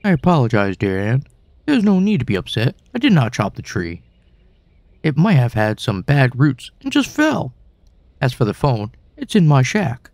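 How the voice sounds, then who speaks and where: A man's voice: medium pitch, huge pitch swings, moderate pace, a little mellow, dry recording. A man voicing a creepy male cemetery groundkeeper who sounds oddly sweet and falsely polite. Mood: smarmy.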